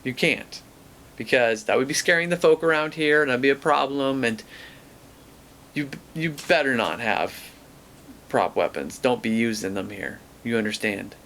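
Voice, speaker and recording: A man voicing a suspicious, stern male park ranger who questions and warns in a halting way. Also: mid-range voice, a bit bright, slight background noise, close to an everyday voice. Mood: warning.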